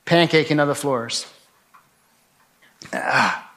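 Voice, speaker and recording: A man giving a spoken testimony to an audience, telling his story dramatically and acting out his own shouts. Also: a little high, takes it slowly. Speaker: guest speaker.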